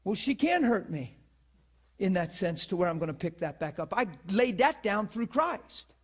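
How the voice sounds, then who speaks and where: A man's voice: sits high, big pitch swings, normal speed. A man in his forties preaching a sermon with passion, firing rhetorical questions and acting out what people say. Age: 40s.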